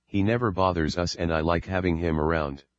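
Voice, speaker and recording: A man's voice: sits low, brisk, no room sound, dull audio, lightly acted. A man voicing a stubborn, argumentative young man in an audiobook. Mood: arguing.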